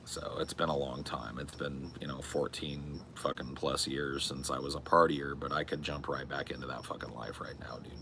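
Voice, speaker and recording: A man's voice: rumbling low, flat delivery, normal speed, gravelly, few pauses, pushed and bright, slight background noise. A man in his forties chatting casually on a live stream, rambling and swearing in a bro-ish way. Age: 40s. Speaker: streamer and podcast host.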